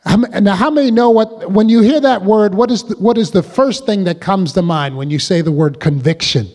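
A man's voice: sits high, a little fast, a little mellow, in a large hall. A man preaching a sermon as pastor, drawing the congregation in with call-and-response questions.

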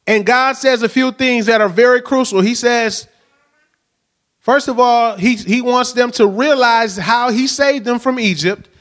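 High-pitched middle-aged guy preaching, chatty, keeps going "right?". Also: a bit bright. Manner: conversational preaching, asks the crowd "right?". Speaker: pastor. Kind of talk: sermon.

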